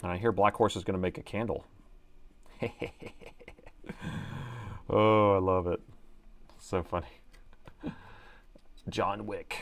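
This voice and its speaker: A middle-aged man speaks slowly in a low voice with fairly even intonation, pausing often. He's live-streaming a repair at an indoor bench, chatting casually and muttering his thoughts aloud as he works.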